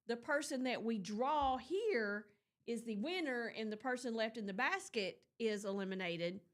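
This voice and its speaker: A woman's voice: on the high side, animated, normal speed. A woman hosting a morning show, chatting casually and telling stories with lots of fillers. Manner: chatty storyteller, rambling with fillers. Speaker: radio morning show host. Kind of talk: casual on-air chat.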